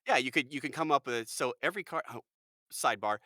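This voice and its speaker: Bright, lively American man on a podcast. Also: mid-range voice, fast talker, no room sound, clean studio sound. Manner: animated, jokey, full of fillers. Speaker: voice actor guest. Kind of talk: casual podcast chat.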